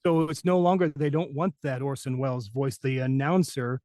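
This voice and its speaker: A man's voice: medium pitch, fairly even intonation, moderate pace, a little mellow, no echo, clean studio sound. A man, a voice actor, chatting in an interview, rambling through stories and laughing often. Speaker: voice actor guest. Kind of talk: casual interview chat.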